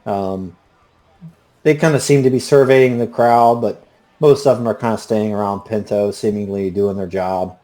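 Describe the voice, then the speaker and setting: A man narrating a tabletop game as game master, relaxed with many fillers. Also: on the low side, normal speed.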